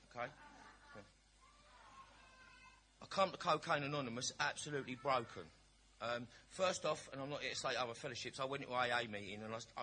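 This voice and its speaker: A man's voice: medium pitch, sharp tone, a little hiss or hum. Man sharing a blunt, jokey recovery story. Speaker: recovery meeting speaker. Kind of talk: personal recovery share.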